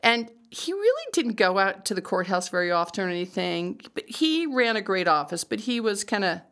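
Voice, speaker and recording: A judge in her sixties tells stories from her career in a relaxed interview. She is animated and quick to laugh, often slipping into acted-out versions of what she was thinking at the time. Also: medium pitch. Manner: animated, laughs often, acts out quoted thoughts. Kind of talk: conversational storytelling interview.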